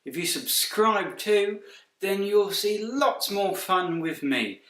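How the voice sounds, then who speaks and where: Man, deadpan wisecracks, fairly high voice, a little far from the mic. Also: takes it slowly. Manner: deadpan quips with sudden mock outbursts. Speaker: comedy vlogger. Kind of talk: jokey outfit commentary.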